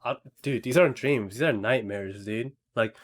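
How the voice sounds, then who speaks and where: A man's voice: medium pitch, normal speed. A young man in casual chat, telling a dream with lots of fillers and acted quotes. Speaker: storyteller.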